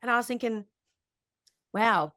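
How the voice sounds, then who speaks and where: A woman hosting a podcast, telling a story in a chatty, animated way with lots of fillers. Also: mid-range voice, moderate pace, no room sound, clean studio sound. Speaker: podcast host. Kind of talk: casual storytelling chat.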